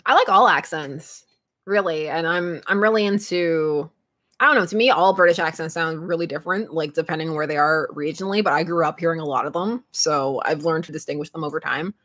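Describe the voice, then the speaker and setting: A woman's voice: sits low, a little fast, fairly bright tone. Chatty Canadian woman, laughing often. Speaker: podcast co-host. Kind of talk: casual fandom chat.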